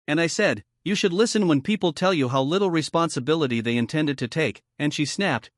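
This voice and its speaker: A man tells a dramatic first-person story in a steady, even narrating voice. His pitch sits a little high for a man. The recording is dry and close, with no room sound. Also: a little fast, few pauses, no echo.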